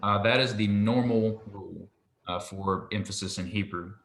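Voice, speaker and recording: Patient man teaching slowly in an echoey room. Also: on the low side, fairly even intonation, gravelly, fairly bright tone. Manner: patient, explains slowly and checks understanding. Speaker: Hebrew teacher. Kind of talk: one-on-one online tutoring.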